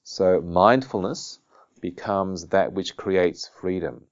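A male meditation teacher giving a gentle, soft-spoken dharma talk and telling a story along the way. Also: sits low, slow, lo-fi sound.

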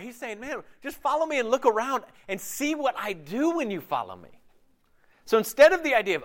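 A man preaching a sermon in a conversational, animated way, often slipping into quick voiced asides. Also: high voice. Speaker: pastor.

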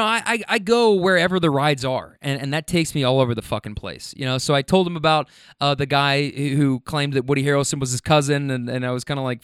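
A man's voice: mid-range voice, fairly bright tone, clear, resonant tone, no echo, studio quality. A man hosting a podcast, telling stories casually in a rambling, profane way. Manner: rambling, profane, restarts and fillers. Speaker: podcast host. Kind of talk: casual storytelling.

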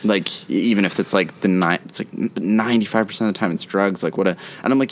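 A man's voice: on the low side, fast, slight background noise. A man co-hosting a podcast in casual chat, hesitant and rambling, with many restarts. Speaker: podcast co-host.

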